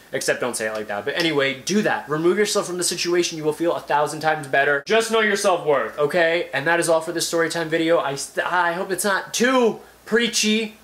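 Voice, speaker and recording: A young man telling a dramatic storytime vlog, animated and swearing freely. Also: a little high, fast talker, few pauses. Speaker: vlogger.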